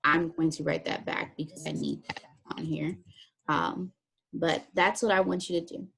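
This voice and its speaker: A woman's voice: deep voice, fairly even intonation, normal speed, vocal fry, a bit bright, breathy edge. A woman teacher walking students through a written assignment step by step, in a plain, practical way. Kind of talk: recorded classroom lesson walkthrough.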